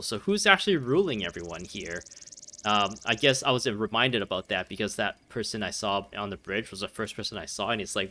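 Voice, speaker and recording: A man's voice: lowish voice, lively intonation, normal speed, fairly bright tone. Rambling, easily distracted gamer guy. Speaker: gameplay commentator. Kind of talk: casual let's play commentary.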